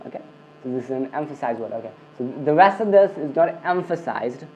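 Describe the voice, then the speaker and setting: A man's voice: medium pitch, animated, a little fast, darkish tone, slight background noise. A man giving a screencast coding lesson, filling his talk with "okay" and "I mean" and often restarting his sentences. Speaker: coding tutor. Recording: dull lo-fi recording.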